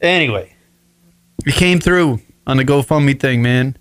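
A man's voice: medium pitch, measured pace, a bit bright, smooth, no room sound. A man in his forties hosting a solo radio show from his apartment, talking in a rambling, profane, emotional way. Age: 40s. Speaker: podcast host.

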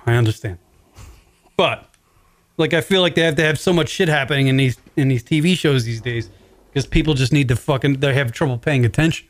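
A male radio host with a somewhat high voice who rambles through loose, profane rants. He talks casually into a studio mic, cursing in nearly every sentence. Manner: rambling, swears constantly, ranting.

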